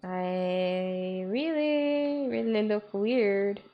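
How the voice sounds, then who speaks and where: A woman's voice: medium pitch, very slow, lo-fi sound. A woman streaming a game and chatting casually and playfully with viewers, laughing often; her first language is German. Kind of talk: casual gameplay commentary.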